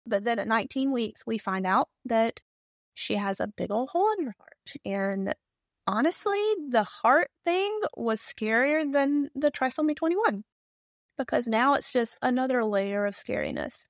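A woman's voice: fairly high pitch, lively intonation, moderate pace, dry recording, clean studio sound. A woman in her thirties with a Southern US accent, telling a personal story candidly and with emotion as a podcast guest. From Southern United States.

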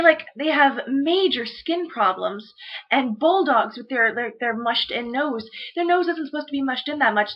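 Casting: high-pitched woman, blunt swearing vlogger, dull lo-fi webcam sound. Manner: blunt and profane, ranting. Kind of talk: casual rant vlog.

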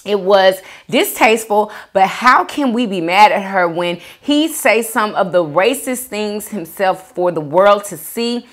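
A woman hosts a casual eating show, reading viewer comments aloud. Her pitch swings widely while she talks at an unhurried pace. She gushes thanks to her viewers between bites. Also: expressive. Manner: chatty, reads comments aloud and reacts with gushing thanks.

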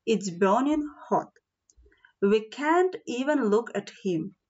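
A woman's voice: on the high side, expressive, slow pace, darkish tone, muffled recording. A woman voicing a cautious, worried girl doll in a storybook, a little stammering.

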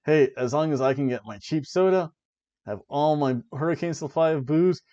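A man hosting a wrestling review podcast, ranting and joking sarcastically in a casual, animated way. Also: a little high, normal speed, no room sound. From Florida, USA. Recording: dull lo-fi dry recording.

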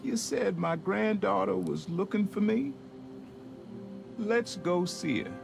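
An actor playing a gentle, wistful old grandfather in a video game, with a soft-spoken, gravelly voice. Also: high voice, slow, full character voice. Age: older. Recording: game audio with loud music underneath.

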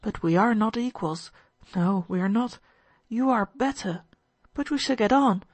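A woman voicing an eager, excitable teenage boy in an audiobook, gushing with breathless enthusiasm. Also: mid-range voice, a little slow, no echo, pitched above the performer's own voice. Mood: excited. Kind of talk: audiobook character voice.

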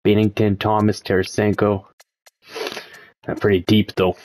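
A young gaming channel host casually comments over a sports video game as he plays, speaking at normal speed in a voice on the low side. He's relaxed and thinks aloud, getting excited by close results.

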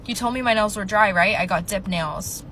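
A woman's voice: mid-range voice, normal speed, fairly bright tone, a little hiss or hum, rough recording. A woman telling a casual story in a rambling, filler-heavy, upset way from inside a car.

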